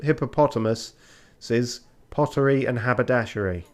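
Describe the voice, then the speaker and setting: A man streaming a game, chatting casually with relaxed, mumbling asides. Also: medium pitch. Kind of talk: casual let's-play commentary.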